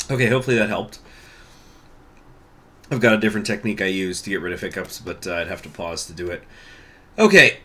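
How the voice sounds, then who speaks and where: Low-voiced man with hiccups playing a game. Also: sharp tone. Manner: chatty, thinking aloud, with throat clearing and coughs. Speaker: gaming YouTuber. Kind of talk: casual let's-play commentary.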